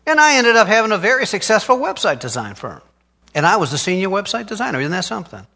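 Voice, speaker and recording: Emphatic high-voiced preaching man. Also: sing-song, quick pace, vocal fry, pushed and bright. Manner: emphatic, call-and-response preaching. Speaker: pastor. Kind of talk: sermon.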